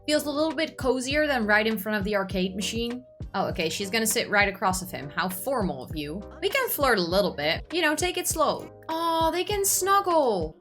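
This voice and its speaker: A young woman giving casual commentary on a life-simulation game, gushing and excitable as she talks to her viewers. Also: high-pitched. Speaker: gaming YouTuber.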